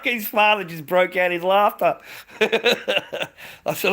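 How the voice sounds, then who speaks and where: Aussie bloke ranting on a live stream from home, sweary, laughs a lot, bright edgy voice. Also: male voice, high voice, expressive, slow. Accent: Australian. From Australia. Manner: profane, rambling, laughs often. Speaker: mask maker and live streamer. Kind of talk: casual live-stream rant.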